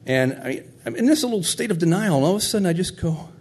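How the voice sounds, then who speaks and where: A man's voice: high-pitched, sing-song, fast talker, a little mellow. A middle-aged man telling a heartfelt personal story in a conversational, tender way.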